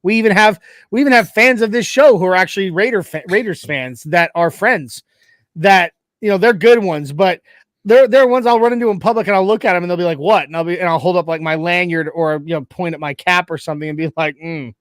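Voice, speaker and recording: Guy cohost on a fan sports show, fairly high pitched, talks emphatic and rambly. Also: fast, a bit bright, dry recording. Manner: emphatic, chatty, lots of restarts. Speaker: co-host reading chat. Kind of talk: casual sports talk.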